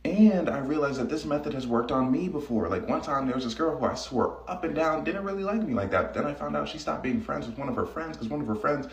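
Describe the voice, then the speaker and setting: A man's voice: mid-range voice, animated, fast talker, hardly any pauses, roomy sound, recorded from a distance. A man delivering a casual advice monologue, cocky and conversational, telling stories from his own dating life.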